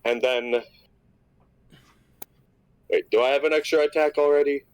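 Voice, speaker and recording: A man's voice: medium pitch, steady tone, unhurried, smooth, rough recording. A man playing a tabletop game in casual chat, blunt and swearing freely. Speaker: player.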